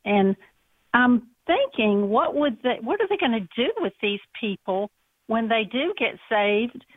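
A woman's voice: on the high side, lively intonation, measured pace, dry recording. A woman calling in to a Christian radio show and speaking earnestly about churches and pastors. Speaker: caller. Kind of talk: call-in radio comment. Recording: tinny phone line.

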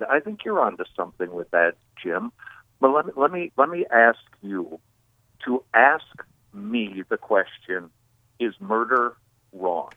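A man's voice: fairly low pitch, no echo. Man preaching emphatically over a phone line. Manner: emphatic, animated, builds to preacher's proclamations. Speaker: call-in guest.

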